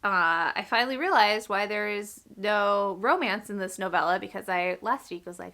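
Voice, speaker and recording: A woman's voice: mid-range voice, normal speed, few pauses, bright, forceful tone. A woman chatting casually in a reading vlog, rambling and chatty, often breaking off mid-thought. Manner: rambling, chatty, self-interrupting. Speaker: reading vlogger; teacher. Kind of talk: casual chat.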